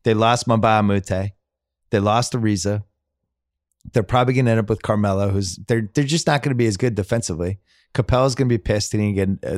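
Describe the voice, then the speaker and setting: A man hosting a casual sports podcast, animated and quizzing his guests. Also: no room sound, clean studio sound. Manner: animated, quizzing guests, lists names with rising pitch. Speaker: podcast host.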